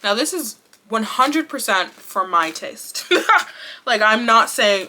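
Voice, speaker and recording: Woman wrestling vlogger, crisp bright tone, outspoken, laughs and cusses freely. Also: a little high, slow pace. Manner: animated and blunt, swears, laughs often. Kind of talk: casual vlog chat.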